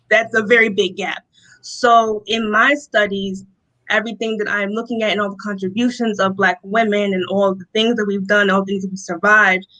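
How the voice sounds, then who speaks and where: A young woman from Rochester, New York, giving a personal testimony as an interview guest, telling her story in an animated way and acting out the lines of the people in it. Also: mid-range voice, rough recording. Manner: animated storytelling, acts out quotes, laughs often.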